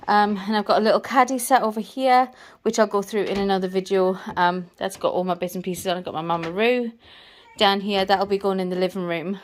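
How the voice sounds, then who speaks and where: A woman's voice: mid-range voice, fairly even intonation, a little fast. Woman, out of breath, chatty and rambling, home vlog. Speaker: vlogger. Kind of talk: casual vlog talk. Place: indoors at home.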